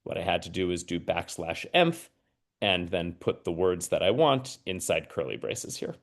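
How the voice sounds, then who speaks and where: A man with a fairly low voice walks learners through a typing tool on screen. He explains patiently, one step at a time, and keeps checking that they follow. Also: sing-song, normal speed, gravelly. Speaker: mathematics teacher trainer. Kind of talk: screen-share lesson.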